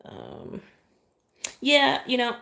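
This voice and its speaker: A woman's voice: fairly high pitch, wildly swooping pitch, very slow, gravelly, fairly bright tone. A woman chatting on a phone livestream while decorating cakes, apologetic and thanking viewers. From Oklahoma, US. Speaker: cake decorator. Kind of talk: live stream chat while decorating.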